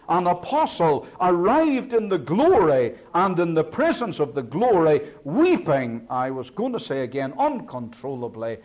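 A man preaching a sermon, rising to emphatic peaks and then dropping to hushed, low endings. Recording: dull lo-fi sermon recording.

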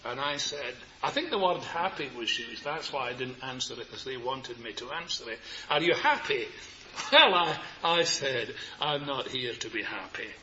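An older man preaching a sermon, tender and earnest, repeating his phrases and moving between soft words and raised ones. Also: medium pitch, lively intonation, normal speed. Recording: muffled lo-fi sermon recording with faint hiss.

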